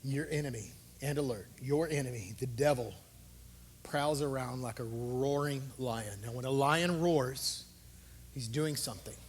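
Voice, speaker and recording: A male pastor preaching a sermon in an impassioned way, moving between hushed low talk and loud, urgent exhortation. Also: measured pace, a little hiss or hum.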